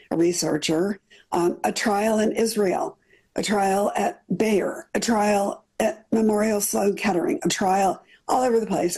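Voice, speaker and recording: A middle-aged woman recounts her own experience in an earnest, detailed way, often doubling words for weight. Her voice is mellow and slightly husky. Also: mid-range voice, rough recording. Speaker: cancer survivor interviewee. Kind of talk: personal storytelling in an interview.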